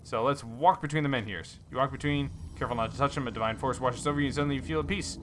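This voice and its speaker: Bright-voiced man reading a game aloud. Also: mid-range voice, rapid-fire, hardly any pauses, slight background noise. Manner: reads story text aloud with fillers and small slips. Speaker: let's play host. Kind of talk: casual game narration, reading dialogue aloud.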